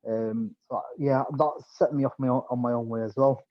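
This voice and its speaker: A man's voice: medium pitch, fairly even intonation, normal speed, no room sound, highs cut off. A man guest in a casual interview, talking with many restarts and fillers. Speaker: podcast guest.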